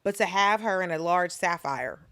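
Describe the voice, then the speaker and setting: A young woman co-hosting a casual drama podcast, talking in an animated, exasperated way with quick asides and mock quotes. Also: on the low side, smooth, no echo. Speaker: podcast co-host. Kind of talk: casual chat.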